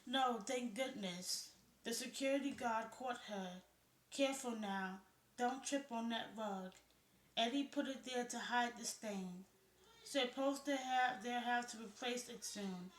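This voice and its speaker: A woman's voice: fairly high pitch, a little slow, natural voice. A woman reading the lines of a gossipy, talkative man with a southern drawl, in a roomy-sounding recording. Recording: roomy echo.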